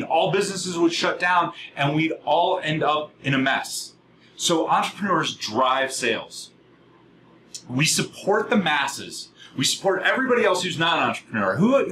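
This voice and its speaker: Man, middle-aged, live sales workshop, worked-up, quizzing the room, fairly high voice, bright tone. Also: a little hiss or hum, low-quality recording. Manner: fast, worked-up, asks the audience questions.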